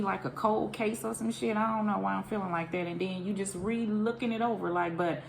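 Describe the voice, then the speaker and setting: A woman's voice: medium pitch, fairly quick, vocal fry, hardly any pauses, a little hiss or hum. A woman gives a casual, rambling tarot reading, thinking aloud and questioning herself as she goes. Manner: rambling, intuitive, self-questioning. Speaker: tarot reader.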